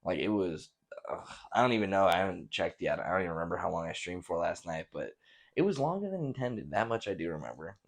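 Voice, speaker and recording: A man's voice: sits low, sing-song, fast, creaky. A young man hosting a podcast, rambling casually with many fillers and plenty of swearing. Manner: laid-back, profane, rambling with many fillers. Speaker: podcast host.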